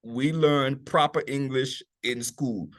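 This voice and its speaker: A man with a US Virgin Islands accent giving a customer service workshop talk, chatty and lively, often checking in with "okay?" and "right?". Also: medium pitch, slow, dry recording. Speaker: workshop speaker, private chef.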